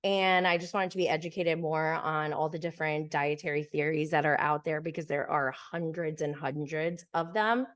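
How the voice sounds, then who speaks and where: A woman's voice: deep voice, fairly even intonation, normal speed, few pauses. A woman hosting a podcast, casually telling a story in a chatty way, with many "like"s and light laughs. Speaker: podcast host.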